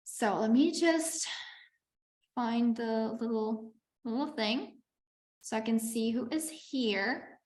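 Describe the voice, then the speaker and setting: Woman coach, high-ish voice, chatty and encouraging, teaching live over a video call in an echoey room. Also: slow, darkish tone. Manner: chatty and encouraging, with frequent "like" and "okay". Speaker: business coach. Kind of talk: live online masterclass teaching.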